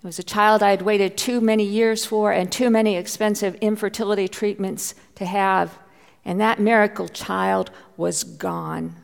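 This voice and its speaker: A woman's voice: mid-range voice, fairly even intonation, moderate pace, creaky, big-room sound. A middle-aged woman pastor preaching a sermon, telling a personal story with heartfelt feeling and sometimes dropping to a near whisper. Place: church.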